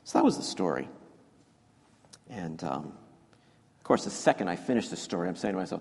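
A man's voice: deep voice, sing-song, fairly quick, pauses often, darkish tone, husky. A male pastor telling a children's story in a sermon, chatty and self-deprecating with many fillers and restarts. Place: church sanctuary. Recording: echoey church hall.

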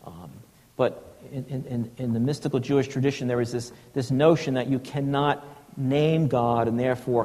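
Reflective male preacher in a reverberant church. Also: medium pitch. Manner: slow and reflective, with hushed breathy passages. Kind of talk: sermon.

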